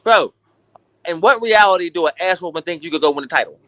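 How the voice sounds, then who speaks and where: A young man hosting a boxing talk stream, ranting in an animated, profane, casual way. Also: sits high, fast talker, no echo. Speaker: boxing talk show host. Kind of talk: casual livestream rant.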